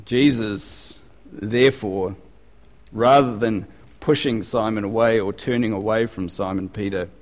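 Conversational preacher in a reverberant church. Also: male voice, on the low side, steady tone, a little slow. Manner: conversational, restarts often, acts out scenes. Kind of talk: sermon.

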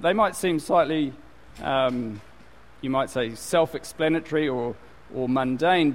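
A male pastor giving a conversational sermon, full of fillers and restarts. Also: fairly high pitch. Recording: long hall reverb.

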